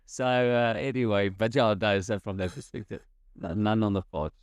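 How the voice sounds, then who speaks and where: A man co-hosting a casual podcast chat, talking hesitantly with many pauses and restarts. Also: on the low side, steady tone, clear, resonant tone, dry recording, clean studio sound. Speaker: podcast co-host.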